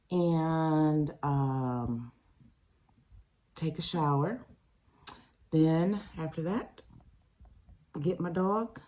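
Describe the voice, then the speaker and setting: Woman, vlogger, fresh out of bed, morning voice, low and mellow, slow casual chat. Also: a little hiss or hum. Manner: relaxed, chatty, with fillers and restarts. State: just woke up, morning voice. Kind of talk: casual vlog talk to camera.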